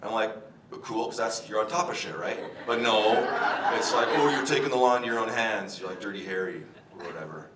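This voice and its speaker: A young actor playing a crude, brash store clerk, telling a rambling, profane story with chuckles on a stage. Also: male voice, fairly quick, natural voice. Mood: swaggering. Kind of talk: theatre monologue. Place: theatre stage. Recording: roomy stage audio from a distance, faint rumble.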